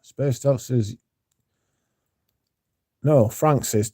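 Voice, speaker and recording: A man's voice: mid-range voice, slow, long pauses, mellow, slightly rough. A man hosting a casual livestream, reading out chat messages and swearing freely. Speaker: livestream host.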